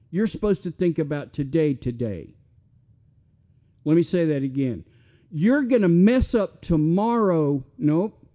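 A man's voice: on the high side, mellow. An older man, preaching a sermon in a folksy, repetitive way full of rhetorical questions. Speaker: pastor.

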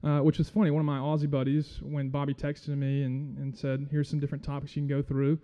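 A man's voice: fairly high pitch, completely flat delivery, a little fast, dark tone, dull audio. A man giving a casual, self-deprecating sermon as a guest church speaker, with many fillers.

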